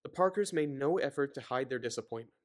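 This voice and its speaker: A man's voice: mid-range voice, animated, fast talker, darkish tone. Male host reading a book aloud with sarcastic, exasperated asides, loose and rambling delivery, mid-range voice. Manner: exasperated, sarcastic asides between read passages; loose, rambling, stumbles over words. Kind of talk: casual book reading with commentary.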